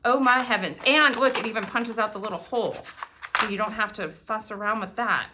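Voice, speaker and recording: A middle-aged woman chatting casually and excitedly as she unboxes new craft products for viewers. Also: medium pitch, fairly quick, background noise.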